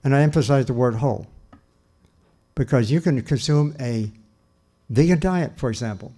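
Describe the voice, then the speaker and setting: A man's voice: mid-range voice, dark tone. An older man giving a lecture on nutrition in an earnest, emphatic way, often restarting his sentences. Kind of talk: lecture talk.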